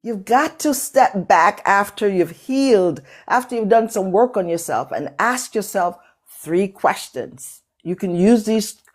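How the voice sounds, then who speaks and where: A little slow and animated, a mid-range female voice drives a live-call motivational talk. The speaker is a middle-aged woman with a non-native English accent who works as a motivational speaker and workshop host. She repeats phrases for effect in an emphatic, preacherly way.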